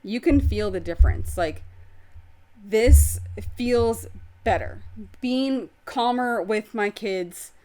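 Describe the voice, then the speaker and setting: A woman's voice: a little high, slow, dark tone. A woman hosting her own podcast, talking candidly and expressively about her life, with casual swearing. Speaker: podcast host. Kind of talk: candid personal podcast talk. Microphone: video podcast setup.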